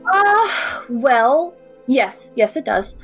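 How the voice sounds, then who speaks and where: A woman's voice: high voice, big pitch swings, very slow, a bit bright, slightly rough, faint music behind. Woman playing a tabletop game. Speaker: player. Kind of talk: tabletop role-play chat.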